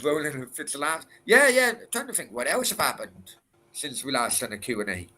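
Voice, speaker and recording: A man's voice: medium pitch, huge pitch swings, normal speed, sharp tone, slight background noise. A man hosting a late-night Q and A, chatting casually in a rambling, crude way full of swearing and restarts. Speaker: livestream host answering chat.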